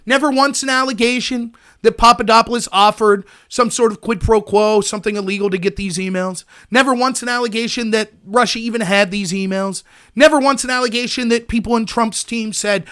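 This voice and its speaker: A man hosting a political commentary livestream, talking in an animated, sarcastic, ranting way. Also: extremely high pitch, moderate pace, clear, resonant tone. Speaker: host.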